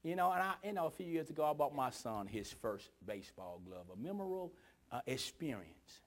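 A man preaching a sermon with dramatic storytelling, moving from hushed whispers to shouting. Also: on the high side, sing-song, fairly quick.

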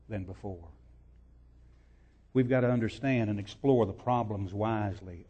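A man preaching a sermon as pastor, repeating his points and rising from quiet storytelling to loud emphatic preaching. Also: on the low side. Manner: builds from quiet to shouting, repetitive emphatic preaching.

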